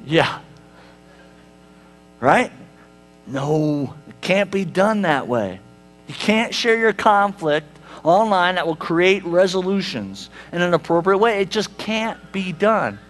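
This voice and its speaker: A man's voice: sits high, a bit bright. A male pastor preaching a sermon in a conversational way, with rhetorical questions to the congregation and wry humor. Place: church sanctuary.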